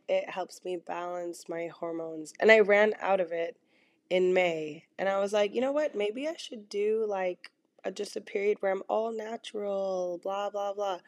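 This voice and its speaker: A young woman talks her way through a solo podcast, hoarse and a bit worn from having lost her voice. She rambles loosely, stacking fillers and dropping casual swears. The sound is close and dry, with no room around it. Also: lowish voice, dry recording. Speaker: podcast host. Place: in bed at home.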